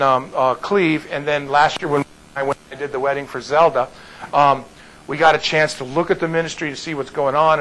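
A male pastor telling a story to his congregation in an animated way, often restarting and repeating words. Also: on the high side, slight background noise, low-quality recording.

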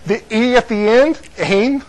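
A man's voice: very high voice, a little slow, darkish tone, rough recording. A man from California giving informal Bible teaching to a small group, joking and laughing often between his points.

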